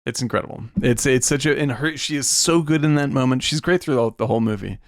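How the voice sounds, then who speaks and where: A man's voice: medium pitch, fast, no room sound, clean studio sound. A man co-hosting a film podcast who retells scenes vividly, with casual swearing. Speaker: podcast co-host.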